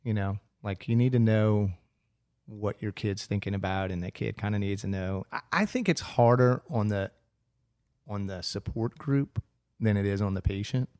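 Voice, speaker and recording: A man's voice: lowish voice, moderate pace, darkish tone, dry recording, clean studio sound. A man as a podcast guest, telling stories in a chatty, self-mocking way and acting out what people said. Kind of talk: casual storytelling interview.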